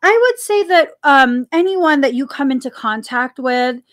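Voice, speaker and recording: A woman hosts a spiritual podcast in a slightly high voice, speaking slowly and earnestly. She circles back on key phrases, repeating them for emphasis in a casual, conversational way. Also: expressive. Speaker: podcast host. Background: coffee sips between remarks.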